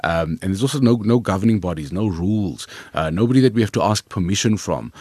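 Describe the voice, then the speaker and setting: Brief: South African comic, lower-pitched man, rambling anecdotal delivery, close dry sound. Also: fast, breathy edge, no room sound. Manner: lively, rambling, repeats words when restarting. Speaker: comedian guest. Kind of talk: storytelling interview answers.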